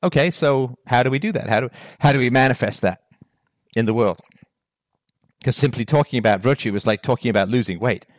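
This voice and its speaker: A man delivering a solo monologue on virtue and relationships, firing off rhetorical questions with emphatic, animated delivery. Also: mid-range voice, brisk, no echo, clean studio sound. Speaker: philosophy talk host.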